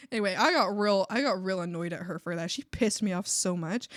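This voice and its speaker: Young woman, casual livestream chat, animated, rambling, dry close sound. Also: mid-range voice, fairly quick, few pauses, dry recording. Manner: rambling, animated, swears and laughs often. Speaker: artist streamer.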